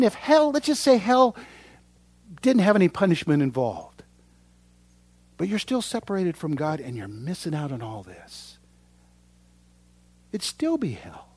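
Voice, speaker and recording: A man preaching a sermon, swinging from loud proclamation to hushed whispers and speaking straight to his congregation. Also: fairly high pitch, husky. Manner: addresses the congregation directly. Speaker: pastor.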